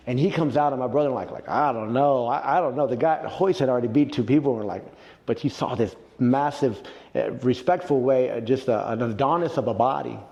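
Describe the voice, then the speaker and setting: A man in a casual interview, telling a story with animated retelling and quoted reactions. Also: mid-range voice, a little fast, gravelly, big-room sound, dull audio. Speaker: interview guest, jiu-jitsu black belt.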